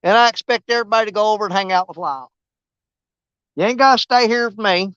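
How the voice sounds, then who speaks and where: A man's voice: high voice, fast talker, fairly bright tone, clean tone, no room sound, muffled recording. A man hosting a fishing livestream outdoors. He rambles casually to his viewers and teases the fish. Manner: rambling, teasing, talks to the fish. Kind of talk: casual live-stream chat. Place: outdoors on a riverbank.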